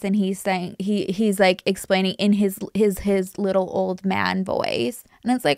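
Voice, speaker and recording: A woman hosts a casual true crime commentary, rambling with many restarts. Her voice has a gravelly vocal fry, and the recording is dry and close. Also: mid-range voice, fairly even intonation, slow pace, hardly any pauses, dry recording. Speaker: true crime YouTuber host.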